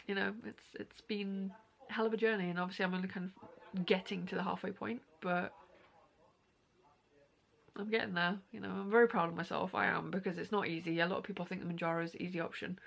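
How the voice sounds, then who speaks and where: A woman's voice: medium pitch, gravelly, fairly bright tone. A young woman vlogging, telling a story in a casual, rambling way with many fillers. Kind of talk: casual chat to camera.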